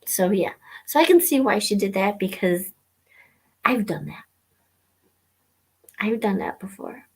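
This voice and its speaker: A woman hosting a live stream, talking in a halting way with many fillers and repeated words, sometimes dropping to a whisper. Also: mid-range voice, animated, husky. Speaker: host of a weekly live stream. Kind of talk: casual personal talk.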